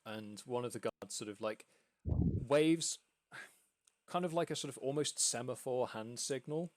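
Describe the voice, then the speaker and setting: A man from the UK runs a tabletop game as game master, narrating scenes in a loose, rambling way with plenty of fillers. His pitch sits in the middle, and the sound is dry and close. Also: measured pace, dry recording. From United Kingdom.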